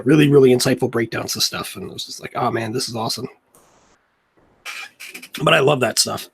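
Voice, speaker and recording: A young man talks in a loose, rambling way as he works on a drawing at home, telling stories between strokes of the pen. His voice sits at a middle pitch and has a husky edge. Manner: rambling, chatty, laid-back. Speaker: comic artist. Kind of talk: casual chat while drawing.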